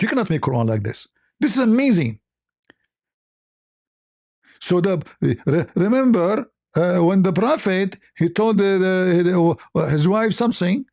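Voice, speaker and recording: A man with a fairly high voice gives sarcastic commentary on his own. He sounds mocking and disbelieving, and he keeps repeating his points. It is a dry, close recording with no room sound. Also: darkish tone, no echo. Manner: mocking, incredulous, repeats himself, laughs at the text. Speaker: online commentator.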